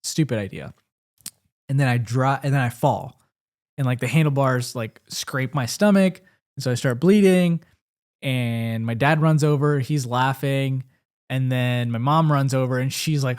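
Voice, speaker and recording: Young male co-host, relaxed and thoughtful, middle-pitched, casual conversational delivery. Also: normal speed. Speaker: podcast co-host. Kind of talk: casual chat.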